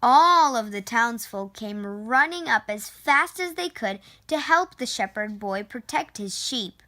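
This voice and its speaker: Female storyteller, children's read-aloud; unhurried, bright, expressive. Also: a little high. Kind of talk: reading a children's book aloud.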